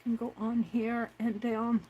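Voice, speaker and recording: Lady doing a slow chatty craft stream, a bit high voice, faint hiss behind. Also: little pitch movement, muffled recording. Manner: chatty, talks to herself while working, reads chat aloud. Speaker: crafting livestream host. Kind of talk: casual crafting livestream chat.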